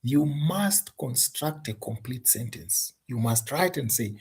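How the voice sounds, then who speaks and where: A man teaches an exam tutorial in a low, mellow voice with a husky edge. He speaks emphatically, repeats key points and poses rhetorical questions to his students. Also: lively intonation, slow pace. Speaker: English teacher.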